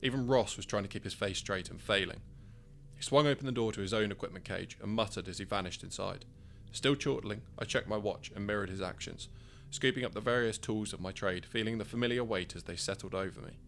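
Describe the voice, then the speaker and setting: A man reads his own first-person story aloud in a wry, conversational manner. His voice is low and gravelly. A faint hum sits in the background. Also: fairly quick, fairly bright tone. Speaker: author narrating his story.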